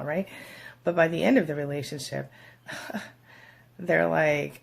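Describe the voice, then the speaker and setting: A woman's voice: deep voice, moderate pace, gravelly, a little mellow. A woman hosting an advice vlog, talking casually and directly to her viewers with lots of fillers. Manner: chatty, speaks straight to viewers with many fillers. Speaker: vlog host giving relationship advice. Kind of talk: casual talk to camera.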